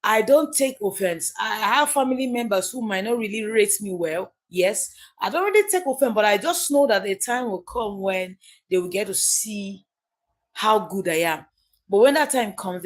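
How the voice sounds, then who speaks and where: A Nigerian woman hosting a casual livestream, chatty and emphatic, often repeating her key phrases. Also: mid-range voice. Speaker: livestream host.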